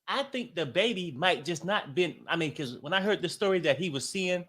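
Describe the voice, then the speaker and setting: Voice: medium pitch, animated, a little fast, a bit bright. A co-host in a casual gossip chat, blunt and slangy, cracking crude jokes.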